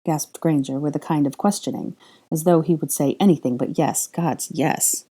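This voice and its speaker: Low, mellow-voiced woman narrating a story. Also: husky. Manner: measured, even reading with wry asides. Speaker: fan fiction reader. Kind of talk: audiobook narration.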